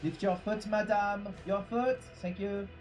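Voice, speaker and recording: A man's voice: sits high, steady tone, measured pace, distant mic, soft background music. A man mimicking a curt French airport guard woman. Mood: stern. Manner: loud clipped commands. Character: curt female French airport security agent.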